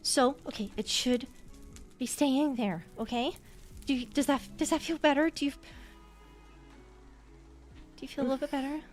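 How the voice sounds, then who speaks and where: High pitched woman playing a healer in a roleplay, jittery and sorry, says things over and over. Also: normal speed, long pauses, faint music behind. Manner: anxious, apologetic, repeats herself. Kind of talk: in-character voice roleplay.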